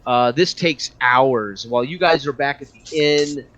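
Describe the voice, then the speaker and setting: A man narrating a tabletop game as game master, halting with fillers and restarts. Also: mid-range voice, fairly bright tone, a little hiss or hum. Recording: dull lo-fi audio.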